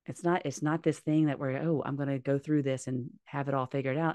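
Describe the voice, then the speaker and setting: A woman's voice: rumbling low, steady tone, brisk, warm tone, no room sound. A woman talking as a podcast guest, candid and heartfelt, swearing casually. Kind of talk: candid conversational interview.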